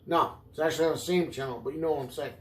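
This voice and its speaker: Man, podcast host, improvised comedy rant, profane, rambling, slightly high voice, echoey room. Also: rapid-fire, slight background noise.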